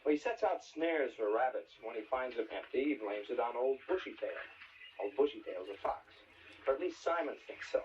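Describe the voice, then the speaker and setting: An actor playing a brooding young heir of an estate, speaking slowly and somberly on an old film soundtrack. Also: male voice, medium pitch, lightly acted. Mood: grave. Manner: slow, measured, somber. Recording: dull old film soundtrack with steady hiss.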